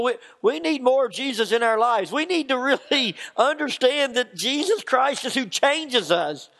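High-voiced pastor in a reverberant hall. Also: male voice, animated, a little slow, gravelly, few pauses, fairly bright tone. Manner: folksy storytelling, acts out quotes. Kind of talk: sermon. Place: church sanctuary. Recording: long reverb of a church hall.

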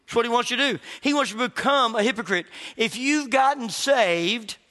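A man with a high, bright, ringing voice preaches a sermon from the pulpit. He tells stories with lively energy and slips into other people's voices. His words ring out with a long reverb in the church. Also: a little fast. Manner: animated storytelling, acts out quoted voices. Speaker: pastor.

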